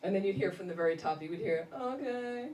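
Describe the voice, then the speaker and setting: Low-voiced woman giving an animated talk. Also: rapid-fire, crowd noise. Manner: animated storytelling, laughing often. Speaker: Buddhist nun and teacher. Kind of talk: casual dharma talk. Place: meditation center hall. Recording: roomy echo, distant mic, faint noise.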